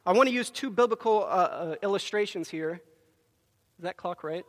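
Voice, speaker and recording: A man preaching a Sunday sermon on a microphone, his voice notably high for a man. He tells stories with emphatic, acted-out quotes, and a long reverb trails behind him in the church. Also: moderate pace, a bit bright. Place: church sanctuary.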